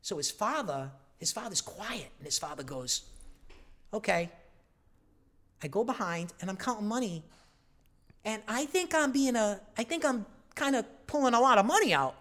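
A man's voice: sits high, expressive, moderate pace, a bit bright. A man telling a long story in casual chat, profane and rambling.

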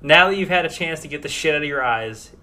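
A man's voice: on the high side, expressive, fast talker, bright, forceful tone, slight background noise. A man narrating as game master of a tabletop game, loose and rambling with many fillers.

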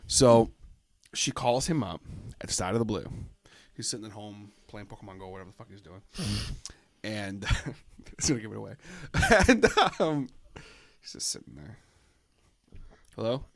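A man's voice: fairly low pitch, sing-song, normal speed, pauses often, no echo. A man hosting a podcast, telling a rambling anecdote and acting out the people in it. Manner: rambling, acts out voices in anecdotes. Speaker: podcast host. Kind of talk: casual storytelling.

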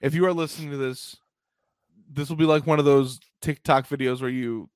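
A man's voice: medium pitch, fairly even intonation, a little fast, darkish tone, no echo. Dry-voiced man telling a rambling story. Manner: rambling, full of "like" and laughs. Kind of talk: casual storytelling chat.

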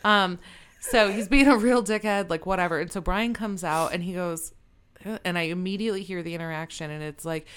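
A woman's voice: lowish voice, fairly quick, fairly bright tone, clear, resonant tone. A woman who manages a restaurant, telling a story in a casual chat, swearing freely and laughing often.

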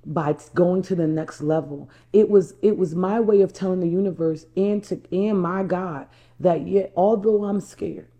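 A woman from New Jersey speaks as a life coach with a low, mellow voice. She tells a personal story straight to her viewers, stressing her points and circling back over her words. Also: moderate pace, few pauses. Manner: emphatic, repeats herself, addresses viewers as y'all.

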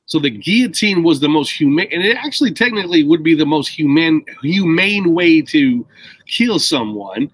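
A man's voice: fairly high pitch, lively intonation, moderate pace, fairly bright tone, breathy edge, dry recording, rough recording. A man co-hosting a casual chat, explaining at length in a rambling, emphatic way and stressing key words.

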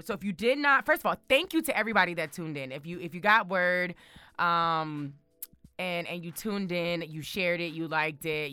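A young woman chatting casually to her viewers, bold and excitable, repeating words for emphasis. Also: low-pitched, smooth, no room sound. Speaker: vlogger.

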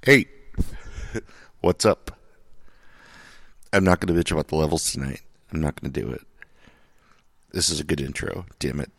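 A man's voice: very deep voice, moderate pace, pauses often, fairly bright tone, no echo, studio quality. A man hosting a podcast in casual chat, sardonic and profane, rambling with lots of fillers. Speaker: podcast host. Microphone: studio microphone.

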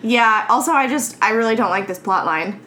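A woman co-host talks through a film in easy, casual chat, often breaking into laughs as she retells scenes. Her voice sits fairly high, with a faint hiss of noise behind it. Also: a little fast, bright, forceful tone. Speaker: podcast co-host. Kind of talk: casual movie recap chat.

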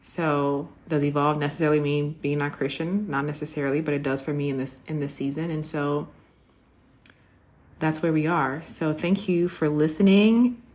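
A woman's voice: low voice, fairly even intonation, moderate pace, a little mellow. A woman hosting a casual solo podcast, tired after working late, chatting with listeners and calling them "honey". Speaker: podcast host.

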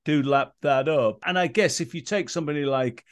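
A man hosting an interview podcast, asking questions in a measured, agreeable way. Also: a little high. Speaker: podcast host. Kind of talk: conversational interview.

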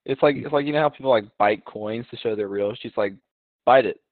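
A man's voice: medium pitch, fast talker, dry recording. A young man as a guest in a casual chat, joking and acting out imagined lines. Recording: tinny phone-like line, dry.

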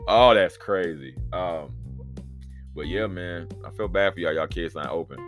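Lively, profane man telling stories. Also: low-pitched, a little slow, faint music behind. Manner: profane, animated, acts out quoted voices. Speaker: podcast host; father of daughters. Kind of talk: casual solo storytelling.

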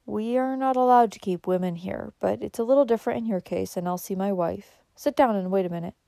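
A woman reading a storybook, voicing a kindly old man who calls out warmly and heartily to a visitor. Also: mid-range voice, a little fast, gravelly, no room sound, studio quality, close to an everyday voice. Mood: steady. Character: kindly old man, warm and welcoming host.

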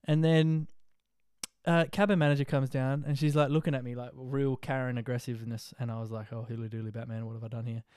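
A young Australian man casually telling an animated, slang-filled story about a flight, with jokey rhymes. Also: mid-range voice, fast, clear, resonant tone, dry recording, studio quality. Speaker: social media vlogger.

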